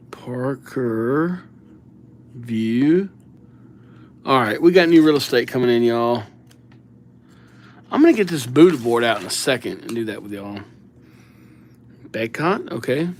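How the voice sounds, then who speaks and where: A man's voice: medium pitch, lively intonation, normal speed, pauses often, a little hiss or hum. A man hosting a casual livestream, reading out viewer names while he writes them, in an easygoing way. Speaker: livestream host.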